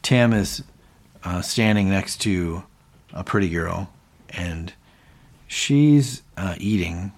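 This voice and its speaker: Podcast co-host, male, husky low voice, casual scene-by-scene retelling. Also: slow pace, pauses often. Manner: retells scenes in detail, with fillers. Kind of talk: casual recap chat.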